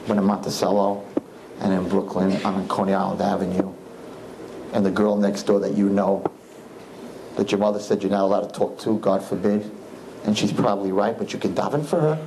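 A man preaching as a rabbi, fervent, swinging from soaring high cries to low hushed pleading. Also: noisy background. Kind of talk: impassioned sermon.

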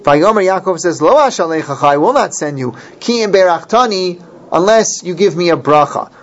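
A man's voice: high voice, animated, fairly quick, fairly bright tone. Man teaching Torah verses, lo-fi. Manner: explains Hebrew verses line by line, with restarts. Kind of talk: Torah class lecture. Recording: dull lo-fi recording.

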